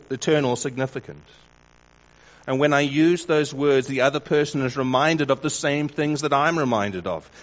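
A man preaches a sermon at a steady, measured pace. His voice sits in a middle register and slips into wry, mock-dramatic asides. The recording sounds a little dull and lo-fi. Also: mid-range voice. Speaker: pastor.

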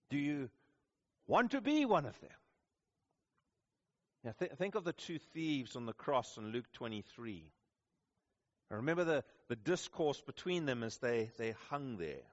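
Earnest preacher man, lo-fi recording. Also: mid-range voice. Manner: earnest, rising to intense questioning then softening. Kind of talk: sermon. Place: church service with congregation.

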